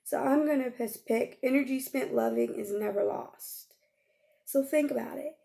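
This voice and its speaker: A woman life coach leading a guided healing exercise, gentle and coaxing, checking in with listeners again and again. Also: sits high, normal speed, vocal fry.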